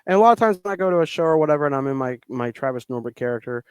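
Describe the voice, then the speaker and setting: A man's voice: on the high side, expressive, very fast, smooth, no echo. A middle-aged man, a wrestler, chatting as a podcast guest and telling stories in a loose, rambling way full of fillers and restarts. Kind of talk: casual podcast conversation.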